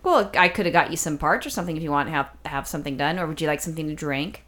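A woman's voice: deep voice, very fast, fairly bright tone. A woman co-hosting a podcast who rambles and teases, with lots of "you know" and "I mean" fillers. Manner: rambling, teasing, with repeated fillers. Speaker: podcast co-host. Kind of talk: casual podcast chat.

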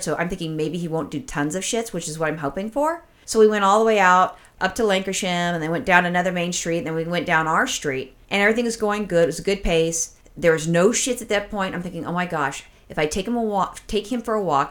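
A woman co-hosting a podcast, telling a story in a casual, profane, excitable way and acting out her own reactions. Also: fairly low pitch. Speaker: podcast co-host.

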